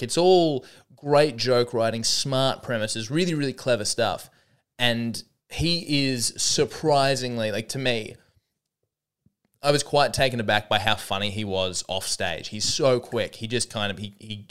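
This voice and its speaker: A man of about thirty with an Australian accent, a comedian hosting a podcast, tells stories in a rambling, animated casual comedic monologue full of restarts. His voice is mid-range and smooth.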